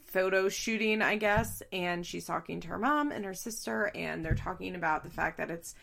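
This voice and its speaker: Woman recapping a reality show, lowish voice with vocal fry, loose and chatty, swears freely. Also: normal speed, a bit bright. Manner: chatty, swears freely, laughs often, says "like" a lot. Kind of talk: casual recap chat.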